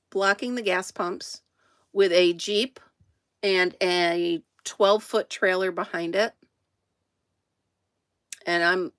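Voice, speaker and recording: A woman's voice: on the low side, a bit bright, no echo, clean studio sound. A woman chatting casually to viewers on a live stream from inside her camper, greeting them by name and laughing often. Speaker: livestream host.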